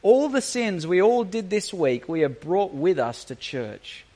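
A male preacher giving a sermon in an earnest, questioning manner. His voice sits high and moves with wide, lively swings of pitch. He leans on rhetorical questions and the odd dry, sarcastic aside. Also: a little slow.

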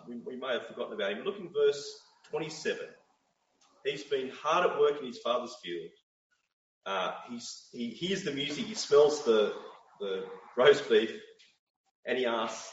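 A man's voice: mid-range voice, a little hiss or hum. A middle-aged man preaching a sermon, emphatic and full of rhetorical questions. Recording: roomy, distant, dull sound.

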